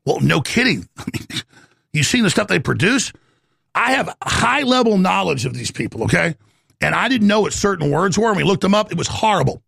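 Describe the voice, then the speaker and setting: A man's voice: high-pitched, sing-song, brisk, gravelly, a bit bright, breathy edge, no room sound, studio quality. A middle-aged man hosting a talk show, ranting in a rambling, heated monologue.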